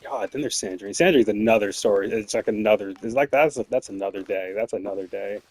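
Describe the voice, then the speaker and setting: A man's voice: lowish voice, lively intonation, fast, a little mellow, dry recording. Rambling, profane young man. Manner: rambling, profane, laughs often, many fillers. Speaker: streamer. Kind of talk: casual storytelling while gaming.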